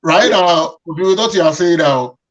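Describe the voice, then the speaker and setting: A man's voice: on the high side, normal speed, a bit bright. Male panelist, agreeable and advising, muffled lo-fi sound. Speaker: boxing panelist. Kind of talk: panel discussion on boxing.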